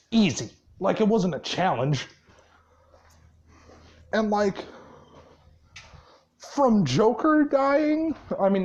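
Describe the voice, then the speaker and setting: A rambling, profane storyteller spinning a fan-made story in loose, casual speech full of fillers and laughs. The pitch is lively and swings widely. The pace is slow and unhurried. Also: highs cut off.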